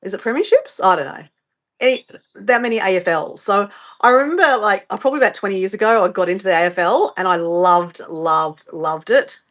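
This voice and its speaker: A woman's voice: medium pitch, expressive, brisk, a bit bright. A woman with an Australian accent, from Southeast Queensland, chatting casually while hosting a livestream from her home and rambling off on tangents. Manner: rambling, chatty, easily sidetracked. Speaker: livestream host. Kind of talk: casual live-stream chat.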